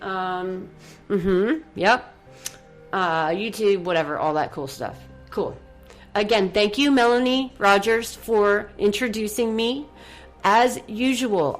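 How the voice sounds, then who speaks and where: A medium-pitched woman hosts a motivational radio show. She leads listeners through a breathing exercise and encourages them in an upbeat, effusive manner that moves from soft to excited.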